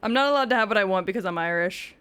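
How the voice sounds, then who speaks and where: A woman's voice: mid-range voice, animated, very fast, a bit bright, clean tone. A woman streaming gameplay, chatting casually with frequent swearing and joking asides.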